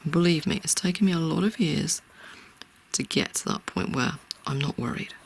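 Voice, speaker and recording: An art tutor talking through a real-time drawing tutorial in a soft, often half-whispered, reassuring way. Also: mid-range voice, moderate pace, creaky, slightly rough.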